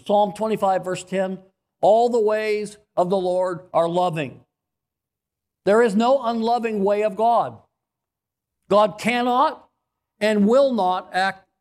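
A man preaching a sermon as pastor, earnest, repeating phrases and often clearing his throat. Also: high-pitched.

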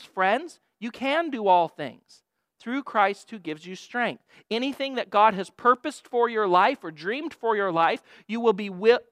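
A woman's voice: on the high side, no room sound, clean studio sound. A woman preaching a sermon, earnest and emphatic, often quoting scripture.

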